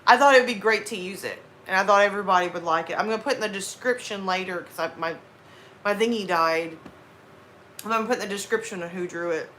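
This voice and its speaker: Talking quickly in a medium-pitched, somewhat bright voice, a Southern woman with a light accent chats casually with her live stream audience over a little hiss or hum. She laughs a lot and drops into drawled Southern phrases.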